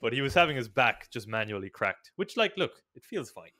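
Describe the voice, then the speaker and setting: A man co-hosting a podcast, telling stories hesitantly with many pauses and restarts. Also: medium pitch, sing-song, sharp tone, dry recording. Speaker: podcast co-host, strength coach. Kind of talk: casual podcast chat.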